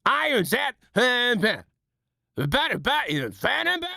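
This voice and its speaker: A manic male comedian rambles nonsense and breaks into babbling syllables. A man does the impression, with his pitch pushed far above his own. The delivery is frantic and scattered. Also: sing-song, a little slow, creaky, bright, forceful tone, no echo, clean studio sound, exaggerated voice.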